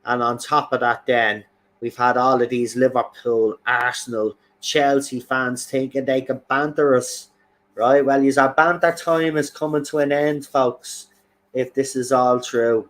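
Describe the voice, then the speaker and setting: A man's voice: medium pitch, steady tone, unhurried, fairly bright tone. A young man hosting a fan channel, talking with emphatic, repetitive passion. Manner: passionate, emphatic, repeats himself for effect. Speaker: football fan channel host. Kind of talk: excited fan commentary.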